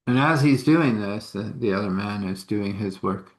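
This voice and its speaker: Male storyteller, low-voiced, relaxed and folksy, dropping chuckling asides. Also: moderate pace, hardly any pauses. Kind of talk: casual spoken storytelling.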